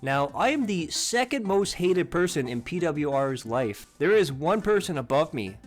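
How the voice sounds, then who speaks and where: A man hosting a commentary video, mocking and insulting his target in a sneering, animated way. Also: a little high, normal speed, soft background music. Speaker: commentary channel host.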